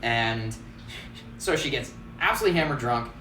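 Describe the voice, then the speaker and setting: Animated male bartender telling a story, roomy. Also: mid-range voice, normal speed, noisy background. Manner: animated, laughs often, acts out quotes. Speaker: bartender and host. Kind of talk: casual storytelling. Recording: roomy, distant mic, faint ambience.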